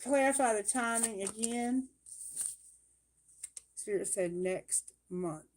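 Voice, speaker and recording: A woman doing a live tarot reading, talking bluntly and emphatically, swearing freely and asking Spirit questions out loud. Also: on the high side, slow pace, a little hiss or hum. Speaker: tarot reader.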